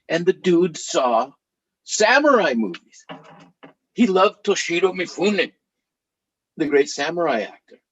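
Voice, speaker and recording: A middle-aged man telling stories to a live audience in an animated, chatty way, laughing now and then as he talks. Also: medium pitch, husky, poor audio. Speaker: author.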